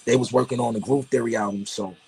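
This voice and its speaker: A man's voice: medium pitch, fairly even intonation, fast talker, gravelly, dark tone, husky. A middle-aged man from Harlem, a guest rapper telling a laid-back, profane story. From Harlem, New York. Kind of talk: casual storytelling.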